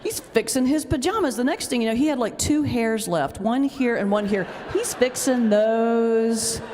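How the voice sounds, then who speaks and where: A woman pastor giving a humorous talk, telling stories in an animated way with sudden jumps in pitch. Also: normal speed, a little hiss or hum. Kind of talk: humorous lecture storytelling. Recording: long reverb of a large hall.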